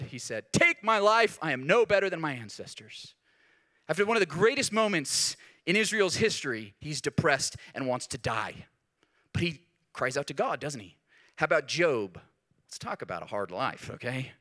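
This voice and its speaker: A man preaching a sermon as pastor, talking in a lively, conversational way and acting out the voices he quotes. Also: on the high side, normal speed.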